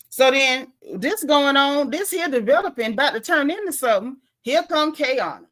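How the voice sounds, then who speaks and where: A woman's voice: high-pitched, animated, moderate pace, few pauses, fairly bright tone. A woman recapping a reality show in casual, gossipy chat, acting out what the cast said.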